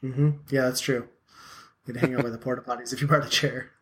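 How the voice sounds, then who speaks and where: A man's voice: mid-range voice, flat delivery, a little fast, fairly bright tone, a little hiss or hum. A man in his thirties hosting a casual podcast chat, rambling and self-deprecating with plenty of filler words. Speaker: podcast host.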